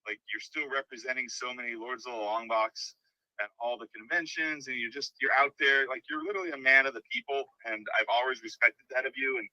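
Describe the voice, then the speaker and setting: A man on a phone call speaks sincerely and a little haltingly. His voice comes across very bright and tense, but muffled and dull through the speakerphone. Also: medium pitch, fairly even intonation, no room sound. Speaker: caller.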